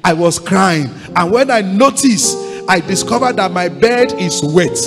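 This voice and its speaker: A man's voice: high voice, lively intonation, unhurried. A Nigerian man preaching a sermon as pastor, urging his congregation to repeat lines back to him with repeated declarations. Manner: exhorting, repetitive call-and-response with congregation. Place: large church hall. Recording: long church hall reverb, faint music.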